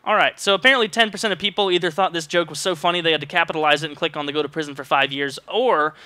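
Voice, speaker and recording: A man's voice: a little high, very fast, bright, forceful tone, smooth, no room sound. A young man vlogging comedic commentary, with sarcastic, exaggerated rants into a close mic.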